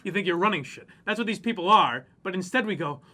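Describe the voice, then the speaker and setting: A man's voice: sits high, lively intonation, quick pace, pushed and bright. A man co-hosting a casual chat, ranting with plenty of profanity and mocking people in exaggerated voices. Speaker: podcast co-host.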